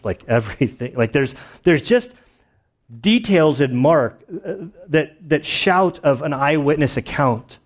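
A male pastor teaches through a Bible passage in a loose, conversational way. He rambles, circles back and fills his speech with filler words and small laughs. His voice sits at an ordinary middle pitch. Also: animated, normal speed.

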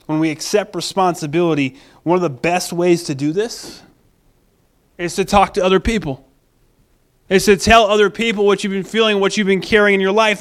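A man's voice: high-pitched, fairly bright tone. A man pastor preaching a sermon, emphatic, acting out quoted voices and repeating phrases for stress.

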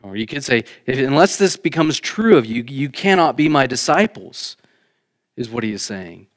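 A man preaching a sermon in a church, shifting between emphatic raised lines and quiet, conversational asides. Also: medium pitch, big pitch swings, moderate pace. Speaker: pastor. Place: church sanctuary.

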